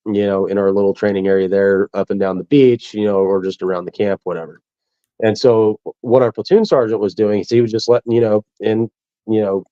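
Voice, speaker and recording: A man's voice: lowish voice, mellow, no echo. A male military veteran telling stories in a casual interview, easygoing and chuckling as he talks. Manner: easygoing, chuckles through his anecdotes. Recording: dull lo-fi dry sound.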